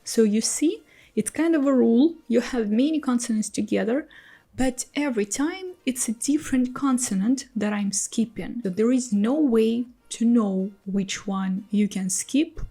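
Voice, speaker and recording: Woman language teacher, native Russian speaker, unhurried patient explainer, warm husky tone. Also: a little high. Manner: slow, patient explanation with repeated example words. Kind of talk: explaining pronunciation rules.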